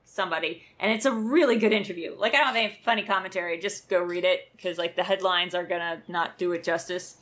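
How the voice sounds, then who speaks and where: A woman guest on a podcast, chatting candidly about films with quick asides. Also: fairly low pitch, a bit bright. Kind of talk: casual chat about film trailers.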